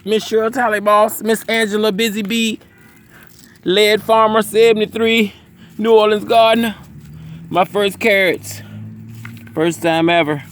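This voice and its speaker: A man casually vlogging about his garden outdoors, talking excitedly to his viewers into a phone camera. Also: high voice, a little slow, long pauses. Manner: excitable, chatty, keeps saying "y'all".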